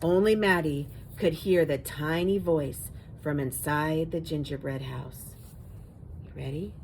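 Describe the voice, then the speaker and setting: A woman reading a children's picture book aloud, expressive and asking listeners about the pictures. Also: low-pitched, unhurried, vocal fry, a little hiss or hum, rough recording.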